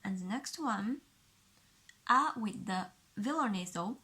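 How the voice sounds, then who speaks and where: Slow-paced woman teacher with Chinese accent. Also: mid-range voice, lively intonation, fairly bright tone. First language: Mandarin Chinese. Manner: slow, careful explanation, repeating each sound for the learner. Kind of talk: pinyin pronunciation lesson.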